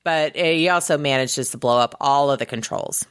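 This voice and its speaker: A woman casually recapping a movie with a friend, animated and sarcastic, swearing freely. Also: extremely low pitch, moderate pace, clean tone. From Houston area. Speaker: podcast co-host.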